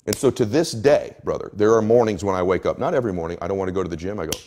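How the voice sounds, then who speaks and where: A middle-aged man with a deep, expressive, slightly mellow voice talks fast with few pauses. He's a coach appearing as an interview guest in a motivational interview, telling stories emphatically and acting out quoted lines.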